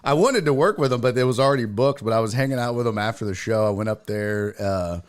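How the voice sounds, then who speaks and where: A man's voice: mid-range voice, fast, clean tone. A middle-aged man hosting a sports podcast, chatting casually and telling jokey stories with quoted voices. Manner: joking, tells stories with acted quotes. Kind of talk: casual chat.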